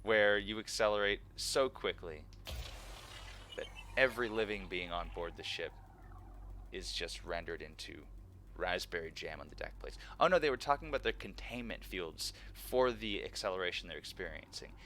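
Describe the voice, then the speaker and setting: Male streamer in his thirties: low, bright, forceful voice, excitable nerd chatting to viewers. Faint background noise. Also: moderate pace. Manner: animated, laughs often, nerdy enthusiasm. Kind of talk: casual live-stream chat.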